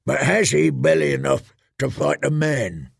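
A man's voice: fairly high pitch, sing-song, a little slow, creaky, breathy edge, no room sound, studio quality, full character voice. A man voicing a scruffy wildling warrior who growls mocking taunts in an audiobook. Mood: taunting growl.

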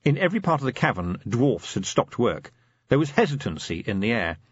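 A man with a husky voice narrating a novel in a lively, expressive manner. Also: medium pitch, a little fast, no echo, dull audio. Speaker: audiobook narrator. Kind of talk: scripted narration.

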